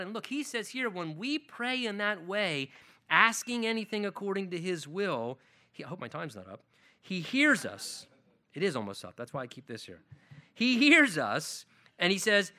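A middle-aged pastor delivers a sermon with a very bright, ringing tone. He speaks earnestly and with conviction, his pitch sitting a little above most men's. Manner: earnest preaching, acts out dialogue with rising intensity.

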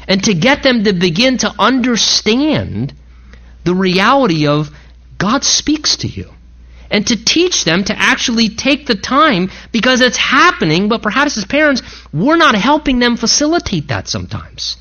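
High bright-voiced male preacher. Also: very animated, lo-fi sound. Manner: earnest preaching, quoting scripture with dramatic pauses. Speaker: pastor. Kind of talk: sermon.

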